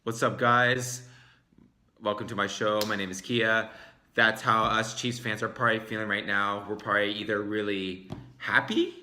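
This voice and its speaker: A man hosting his own sports fan vlog, talking casually to camera with excitable, dramatic swings between loud outbursts and quiet asides. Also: lowish voice, moderate pace, a little hiss or hum.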